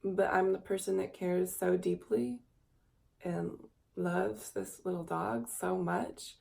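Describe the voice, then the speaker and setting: Her voice is creaky and darkish, steady and slow. A young woman in her twenties, tired, talks into a camera mic for a confessional vlog, rambling wistfully and occasionally cooing in a high baby voice.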